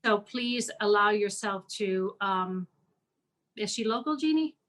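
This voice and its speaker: A woman guest on a live show, speaking gently and caringly, with many fillers. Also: mid-range voice, fairly even intonation, slow. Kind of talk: supportive casual talk.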